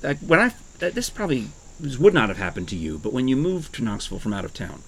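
A man's voice: mid-range voice, fast, vocal fry, slightly rough. A man co-hosting a casual chat, joking and rambling through stories. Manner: joking, rambling, lively storyteller. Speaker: podcast co-host. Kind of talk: casual chat with a live-read ad.

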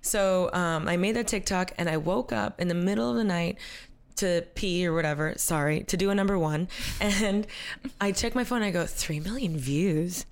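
A young woman guest with a slightly low voice, telling a funny story in casual interview talk. She acts out other people's lines and laughs often. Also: normal speed, clean tone. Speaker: guest, content creator.

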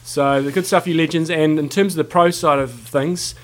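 A man's voice: fairly high pitch, fairly even intonation, moderate pace. A man with a New Zealand accent co-hosting a podcast. He talks in a rambling, hesitant way with many restarts. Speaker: podcast co-host. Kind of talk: casual chat.

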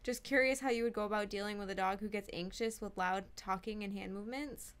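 A woman's voice: mid-range voice, steady tone, quick pace, a bit bright, slight background noise. A woman co-hosting a casual live stream, reading viewer questions aloud and teasing her partner. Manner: reads chat messages aloud, teasing.

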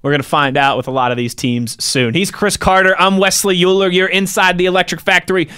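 A man's voice: high voice, fairly even intonation, fairly quick, bright, forceful tone, clear, resonant tone, no room sound, clean studio sound. A young man, hosting a sports radio show in a casual, playful way. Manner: upbeat, playful banter.

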